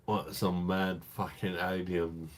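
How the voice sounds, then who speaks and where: A man's voice: low voice, level tone, slow pace. A tipsy man hosting a late-night live stream, talking in crude, rambling, affectionate chat to his viewers.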